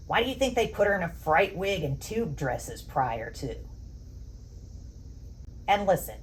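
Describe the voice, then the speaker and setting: A woman's voice: lowish voice, slight background noise, rough recording. A woman co-hosting a chat show, emphatic and sarcastic as she argues her point. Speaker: podcast co-host. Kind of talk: opinionated casual chat.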